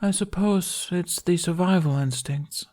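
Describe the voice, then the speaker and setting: A man voicing a cold, paranoid ice queen with a soft, airy voice and a calm, quietly menacing manner, in a fan fiction audiobook reading. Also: high voice, a little slow, pitched above the performer's own voice. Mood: musing.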